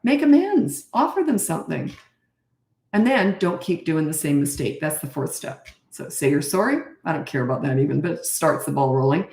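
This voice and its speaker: A middle-aged woman coaches parents live, blunt and confident, and often slips into quick acted bits of dialogue. Her voice sits low with a gravelly edge. The room around her gives it a noticeable echo. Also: very animated, darkish tone. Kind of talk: casual live-stream advice. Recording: echoey room.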